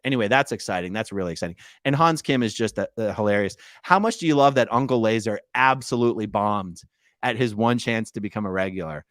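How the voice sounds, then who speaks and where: A man's voice: on the low side, fairly bright tone, dry recording, clean studio sound. A man co-hosting a casual podcast, playfully teasing and reading out viewer comments in bursts. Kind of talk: casual chat.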